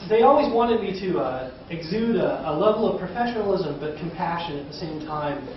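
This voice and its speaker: A man's voice: fairly high pitch, expressive, a little fast, dull audio. A man doing a stand-up comedy set in front of a live audience, telling self-deprecating stories and acting out bits of dialogue. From North Idaho. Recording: distant roomy live recording, audience noise.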